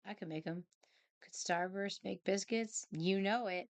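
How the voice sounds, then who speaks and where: A woman's voice: medium pitch, unhurried, no room sound. Woman streamer, playful giggly chatter, mid voice, dry recording. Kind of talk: casual chat.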